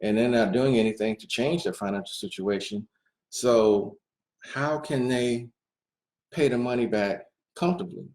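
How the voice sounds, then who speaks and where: A man hosting talk radio at an ordinary middle pitch, chatting through announcements and topics in a loose, unscripted way. He leans on "um" and "uh" as he goes. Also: normal speed, darkish tone. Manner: loose and unscripted, with frequent "um" and "uh" fillers.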